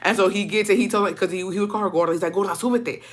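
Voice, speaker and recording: A young woman casually telling a story in a profane, slangy, animated way, dropping in Spanish phrases. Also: mid-range voice, racing. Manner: animated, dramatic retelling. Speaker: storytime vlogger.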